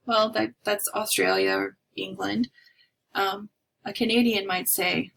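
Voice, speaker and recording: Gravelly-voiced woman lecturing casually. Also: mid-range voice, big pitch swings, unhurried, fairly bright tone, slight background noise, rough recording. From North America. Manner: chatty, discursive, with many fillers. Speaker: college instructor. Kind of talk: recorded lecture.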